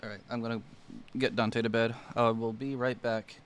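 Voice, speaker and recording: A man's voice: medium pitch, level tone, normal speed, slight background noise. A man running a live-streamed tabletop game as game master, explaining things in an easygoing way with a few fillers.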